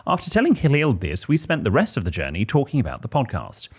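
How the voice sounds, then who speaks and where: A man's voice: mid-range voice, huge pitch swings, quick pace, husky. An English man co-hosting a podcast, reading listener letters aloud with wry, theatrical emphasis. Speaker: podcast co-host.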